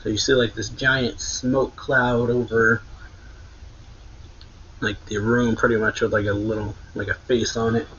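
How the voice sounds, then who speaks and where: A man hosting a manga reaction, casually retelling a chapter and reading its lines aloud with a louder, higher voice for the quotes. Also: level tone, a little slow, dull audio, slight background noise.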